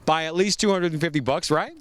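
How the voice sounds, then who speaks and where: A man's voice: a little high, fast, a bit bright. A man hosting a car dealership infomercial outdoors on a lot, with an upbeat, joking sales patter and a Philadelphia-area accent. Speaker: show host.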